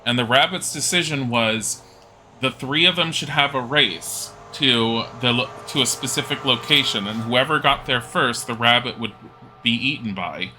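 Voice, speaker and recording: A man's voice: mid-range voice, normal speed, music in the background. A male streamer playing a horror game live and thinking aloud as he retells a story, rambling with restarts. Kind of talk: game playthrough commentary.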